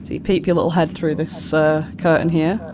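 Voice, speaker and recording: A woman narrating a tabletop game as game master, chatty and quick to laugh. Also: low voice, little pitch movement, darkish tone, a little hiss or hum. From United Kingdom. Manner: giggly, chatty, casual.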